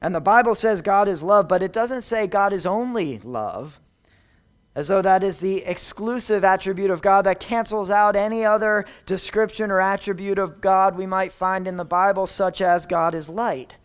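A man preaching a sermon, measured and emphatic, repeating words for stress. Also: high voice, clean tone.

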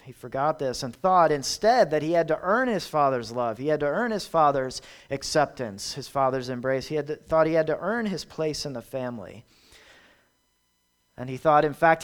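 A man preaching a sermon, retelling a parable with emphatic, repetitive phrasing. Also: medium pitch.

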